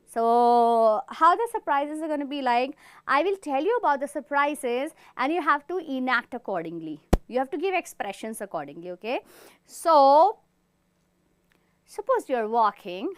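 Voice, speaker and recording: A woman's voice: high-pitched, sing-song, measured pace, dry recording. A woman from India teaching an online acting class, giving step-by-step instructions and praising her students often. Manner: encouraging, demonstrates expressions with big acted lines. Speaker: theatre teacher.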